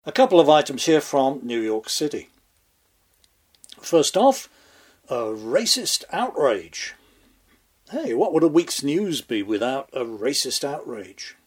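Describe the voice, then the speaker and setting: A man delivering scripted political commentary with dry, sardonic sarcasm and dramatic pauses. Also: mid-range voice, very animated, breathy edge. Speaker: commentary host.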